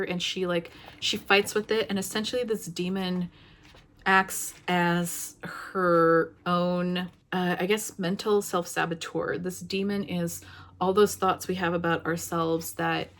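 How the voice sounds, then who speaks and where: A young adult woman giving a casual book review vlog, talking in an emotional, halting way with many fillers and restarts. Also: lowish voice.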